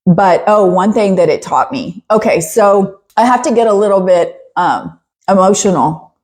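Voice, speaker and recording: A middle-aged woman hosting a podcast in a casual, chatty monologue, animated and laughing often. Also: medium pitch, normal speed. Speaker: podcast host.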